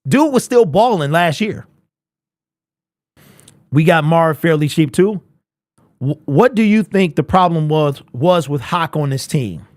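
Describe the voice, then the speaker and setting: A young man hosting a casual sports fan live stream, animated and chatty, answering viewers in chat. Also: fairly high pitch, a little slow, pauses often, dry recording, clean studio sound. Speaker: host of a fan livestream.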